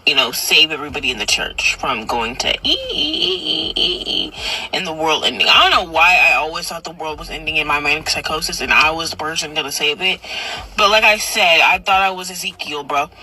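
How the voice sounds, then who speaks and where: A person telling a personal story in casual chat, animated and acting out quotes with sudden loud, high bursts, recorded in a car. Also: fairly quick, slight background noise, poor audio.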